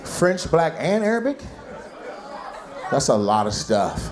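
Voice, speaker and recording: A man doing stand-up crowd work on a club stage, loud and mocking, swearing freely. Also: a little high, big pitch swings, takes it slowly. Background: laughing audience.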